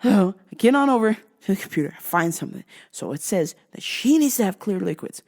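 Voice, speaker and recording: A woman hosting a vlog, telling stories in an animated, profane and exasperated way. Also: mid-range voice, a little fast. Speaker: host.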